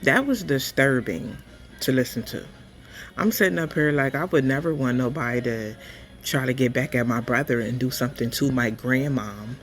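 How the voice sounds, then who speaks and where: A man's voice: mid-range voice, normal speed, a bit bright, faint music behind. A man telling a story in reaction commentary, sounding incredulous.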